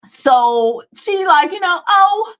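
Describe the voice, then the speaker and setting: A woman's voice: on the high side, lively intonation, measured pace, fairly bright tone, muffled recording. A young woman, hosting a casual celebrity commentary vlog in a blunt, profane, dismissive way with many fillers. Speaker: beauty and celebrity news host.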